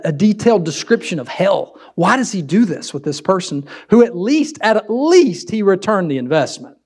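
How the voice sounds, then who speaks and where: A man preaching a sermon as pastor, swinging between loud emphasis and quiet asides. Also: high voice.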